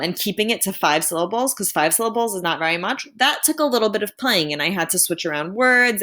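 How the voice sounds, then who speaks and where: A woman teacher giving a remote lesson to students, clear and patient, slowing down to sound out words. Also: medium pitch, fairly bright tone.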